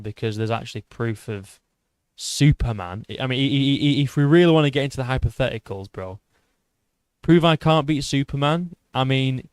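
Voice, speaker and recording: A young British man in his twenties holds forth on a livestream, cursing freely and tripping over false starts as he argues back at his viewers. His pitch sits in an ordinary middle range, and the sound is dry and close, with no room around it. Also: darkish tone, no echo. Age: 20s. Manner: swears often, restarts sentences, argues with a rough edge. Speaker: YouTube MMA channel host. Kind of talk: casual livestream chat reading viewer comments.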